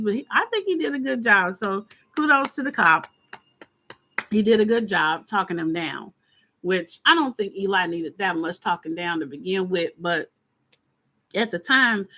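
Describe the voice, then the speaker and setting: A woman hosting a live stream in casual chat, talking straight to her viewers and acting out her own reactions. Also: medium pitch. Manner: chatty, animated, acts out her reactions; informal, talks straight to viewers.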